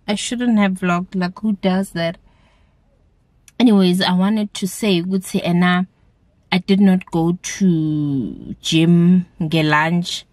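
A young South African woman speaks with a South African accent in a relaxed, chatty vlog. She takes her time, wanders between topics and mixes local words into her English. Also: fairly low pitch, takes it slowly, no echo. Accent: South African, mixing in isiZulu words. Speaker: vlogger. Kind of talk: casual vlog to camera.

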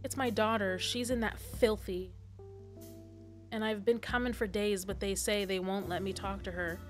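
A woman's voice: mid-range voice, steady tone, moderate pace, soft background music, natural voice. A woman voicing a fierce, worried middle-aged mother with a Southern twang in a video game. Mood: desperate.

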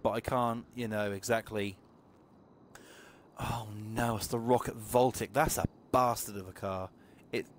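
A man streaming a racing game live, chatting loosely and excitably to viewers and swearing often as he plays. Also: lowish voice, a little slow. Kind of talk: casual live-stream commentary while playing. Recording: racing game noise loud behind the voice. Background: game engine and car sounds.

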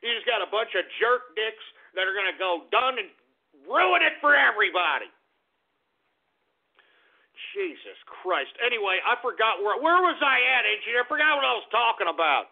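A man hosting a talk radio show, ranting in a brash, insulting way with sudden shouting outbursts. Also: high voice, lively intonation, quick pace, vocal fry, few pauses. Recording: tinny phone-like radio audio.

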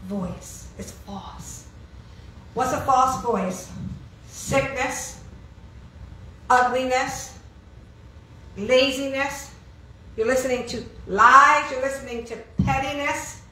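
A woman's voice: high-pitched, slow pace, pauses often, bright, forceful tone, a little hiss or hum. A woman preaching an informal sermon, asking the congregation questions and answering them with emphasis. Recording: echoey room, heard from far off.

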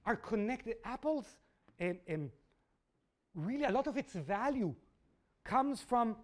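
A middle-aged man giving an open university lecture, telling stories with quoted voices and checking in with the audience. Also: sits high. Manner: animated storytelling with quoted voices; asks audience "yes?" and "okay?". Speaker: guest lecturer.

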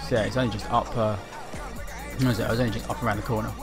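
Young guy chatting over his game, ums and uhs everywhere, game music loud underneath. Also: on the low side, little pitch movement, quick pace, crowd noise. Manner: chatty, rambling, with many fillers. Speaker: gaming commentator. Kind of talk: casual let's-play commentary.

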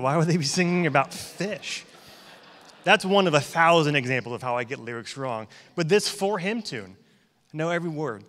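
A man's voice: medium pitch, fairly bright tone. A man in his thirties preaching a sermon as pastor, telling stories in a conversational, joking way. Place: church hall. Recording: long hall reverb.

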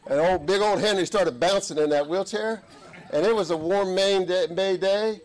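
Animated preaching man, fairly high voice. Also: moderate pace. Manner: animated, acts out quotes with big pitch jumps. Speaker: army chaplain preaching. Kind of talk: sermon with storytelling. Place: church.

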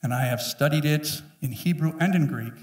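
A man in his fifties preaching a sermon as pastor, emphatic and joking, often acting out quick voices. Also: a little high. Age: 50s. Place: church sanctuary. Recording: echoey room, mic at a distance.

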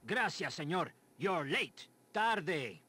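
A man's voice: on the high side, sing-song, slow, sharp tone, husky, full character voice. An actor playing an elderly male cafe owner with a weak heart, weary and fussy. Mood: fretful. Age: older.

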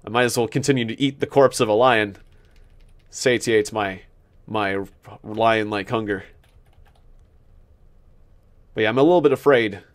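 This man's pitch is fairly low, his pace measured, and he leaves long pauses while hosting a gaming video. His casual let's-play talk rambles and is self-mocking; he laughs at his own jokes and often restarts sentences while thinking aloud.

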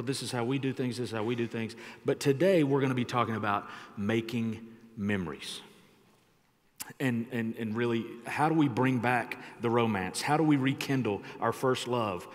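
A man preaching a sermon as pastor, emphatic and shifting his loudness for effect, in a church sanctuary. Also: medium pitch. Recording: long church hall reverb.

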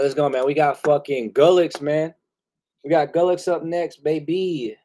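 A man hosting a live music review stream, talking loud and loose with heavy slang and swearing, laughing often. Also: fairly high pitch. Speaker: host reviewing submitted music. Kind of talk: casual live-stream chat.

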